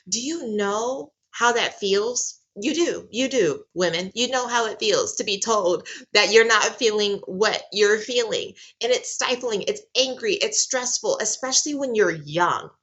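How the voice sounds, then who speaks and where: A woman's voice: medium pitch, fairly bright tone. A woman giving a casual lecture, emphatic and repeating phrases for stress.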